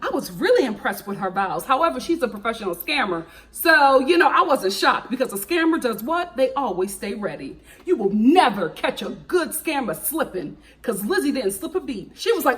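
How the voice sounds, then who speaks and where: A woman hosting a casual reality TV review, sassy and animated, laughing often and acting out what the cast said. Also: a little high, moderate pace, few pauses. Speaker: reality TV recap host.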